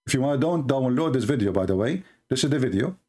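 A man's voice: mid-range voice, animated, fast talker, darkish tone. A man hosting live commentary on video clips, speaking with indignant, emphatic repetition. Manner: indignant, emphatic, repeats words for stress. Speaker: religious commentary host.

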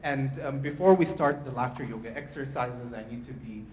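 A man's voice: mid-range voice, moderate pace, darkish tone, a little hiss or hum. A man leading a group through laughter yoga, playful and laughing often as he gives instructions. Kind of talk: leading a group wellness session.

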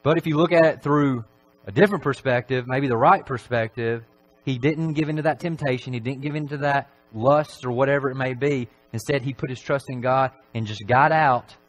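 A man preaching a Sunday evening sermon in a church, talking in a relaxed, conversational way with frequent filler phrases. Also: mid-range voice, brisk, low-quality recording.

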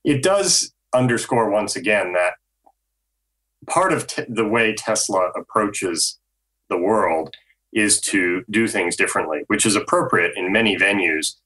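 A man on a podcast panel, an automotive journalist explaining news in a measured way with frequent ums. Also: fairly low pitch, animated, bright, forceful tone, poor audio.

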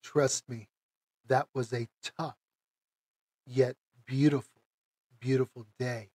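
A middle-aged man from the United States, telling a personal story in a casual, emotional, halting way, with many restarts. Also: mid-range voice, steady tone, darkish tone, husky, no room sound. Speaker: vlogger.

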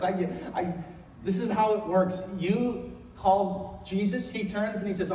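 A middle-aged man with a slightly high voice preaches a Sunday sermon, talking to the room conversationally and swelling into emphatic calls. He sounds a little distant from the mic, and his voice rings through a long, echoing church hall. Faint room noise sits underneath. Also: moderate pace, warm tone. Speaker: pastor. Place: church sanctuary.

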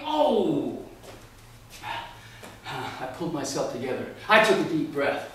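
A high-pitched, lively man delivers a humorous speech with a theatrical, punchy alliterative style. He is recorded from across an echoey meeting room, with faint noise behind him. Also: unhurried, recorded from a distance. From Texas. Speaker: speaker at a speaking workshop. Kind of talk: humorous contest speech and workshop talk.

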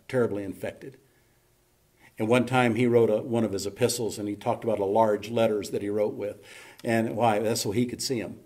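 Man, pastor, sermon, gravelly voice, folksy, emphatic, church. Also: on the low side. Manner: folksy preaching, building to loud emphatic peaks. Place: church sanctuary.

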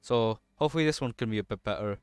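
A man's voice: fairly low pitch, fast, smooth, no room sound. Male gamer, nervous horror commentary, constant cursing, clean dry close-mic sound. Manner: jumpy, swears constantly, nervous self-talk. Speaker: let's play gamer.

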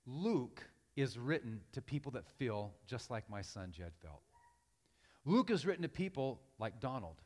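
A middle-aged man preaching as a guest pastor, telling a personal story in a conversational way with frequent restarts, then building in force. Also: medium pitch. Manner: conversational storytelling, many restarts, rising louder when preaching. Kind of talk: sermon. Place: church sanctuary. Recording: reverberant hall.

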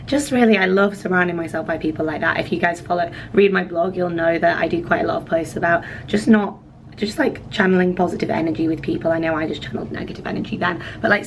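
A woman vlogger with a cold-roughened, hoarse voice, chatting to camera in a rambling, apologetic way. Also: on the low side, slight background noise, low-quality recording. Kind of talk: casual vlog chat to camera.

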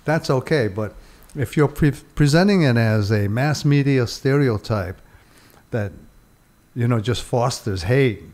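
A man who is a guest on a podcast, explaining his views in a measured, reasoned way. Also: fairly low pitch, darkish tone. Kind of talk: casual podcast chat.

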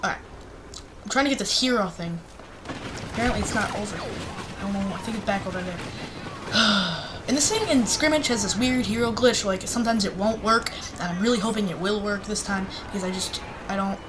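A woman's voice: mid-range voice, fairly quick, over music, rough recording. A woman hosting a gaming video, chatting casually and cheering or yelping as she plays. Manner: excitable, yelps and cheers mid-play. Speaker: gaming channel host. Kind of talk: casual gameplay commentary.

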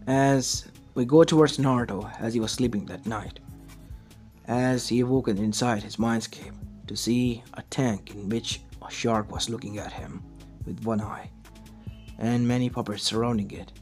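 Brief: plain, run-on male storyteller, mid voice, soft music underneath. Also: mid-range voice, fairly even intonation, normal speed. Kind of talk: fan story narration.

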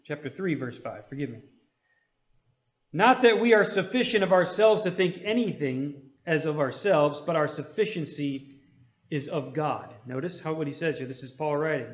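High-voiced man teaching in an echoey church. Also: expressive, normal speed. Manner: conversational, asks the room for amens. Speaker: Bible study teacher. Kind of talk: Bible study teaching. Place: church hall.

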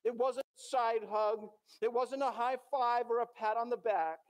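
Man, pastor, sermon, high voice, dramatic storytelling. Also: moderate pace. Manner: dramatic storytelling, acting out the characters' lines. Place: church.

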